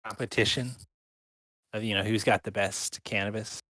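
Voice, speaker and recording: American guy on a podcast, lowish voice, asks stuff kinda hesitantly. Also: level tone, moderate pace, sharp tone. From United States. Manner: hesitant, curious questions. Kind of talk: casual chat.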